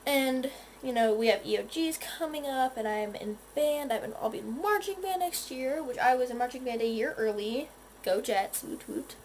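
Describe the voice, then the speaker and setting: Teen girl rambling through her makeup routine on a phone cam in her room, kinda high voice. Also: moderate pace, darkish tone, a little hiss or hum. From North Carolina. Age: teens. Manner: chatty and rambling, many restarts and quoted asides. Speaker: beauty vlogger. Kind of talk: casual vlog chat while doing makeup. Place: her bedroom. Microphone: phone camera.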